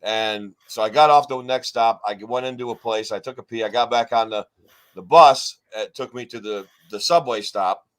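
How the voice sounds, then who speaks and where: A man's voice: mid-range voice, normal speed. A man co-hosting a podcast, telling a long rambling story in casual chat, swearing often and acting out what others said. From New York State. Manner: rambling, profane, animated retelling. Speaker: podcast co-host.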